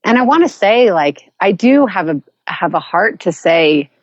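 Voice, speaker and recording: A woman guest speaks earnestly and reflectively, circling back and restarting as she finds her words. Her voice sits on the lower side. The sound is dry and a bit dull and lo-fi. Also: big pitch swings, measured pace, no room sound. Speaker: podcast guest. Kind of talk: personal storytelling in a conversation.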